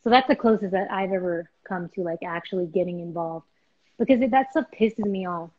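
A young woman hosting a live stream, chatting casually and telling a story with lively, acted-out voices. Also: lowish voice, fairly quick. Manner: animated storytelling, acts out voices. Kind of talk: casual chat. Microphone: video call. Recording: dull lo-fi live stream audio.

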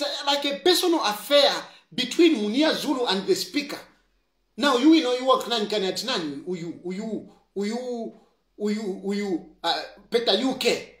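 Zambian man, heated commentary, scolds and hammers points home, sweeping pitch, roomy echo. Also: a bit bright. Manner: scolding, mixes English with Bemba, repeats points for emphasis. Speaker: political commentator. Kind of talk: impassioned political commentary.

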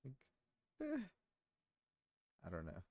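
A man's voice: lowish voice, huge pitch swings, takes it slowly, darkish tone, dry recording, clean studio sound. A man streaming, chatting casually with his viewers in a rambling way full of fillers and restarts. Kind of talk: casual stream chat, reading chat aloud.

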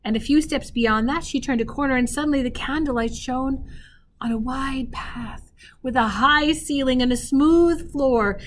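A woman teacher reading a children's novel aloud expressively, pausing to speak directly to her listeners. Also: high-pitched. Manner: expressive, pauses to talk to listeners.

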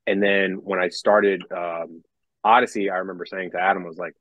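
A man's voice: low voice, steady tone, a little fast, fairly bright tone, no echo. A young man, a metal songwriter, talking casually on a podcast, rambling with many restarts and casual swearing.

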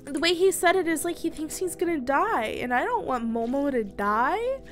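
A woman's voice: high voice, expressive, moderate pace. A young woman giving casual let's play commentary, chatty and emotional, swearing often and sometimes dropping to a whisper. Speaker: gaming streamer. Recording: game music playing behind.

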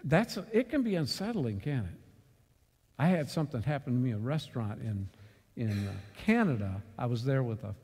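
A man leading a church Bible study, telling a story and then driving home a lesson with sudden loud bursts of emphasis. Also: mid-range voice, sing-song, a little fast, slightly rough, in a large hall. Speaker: Bible class teacher. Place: church meeting room.

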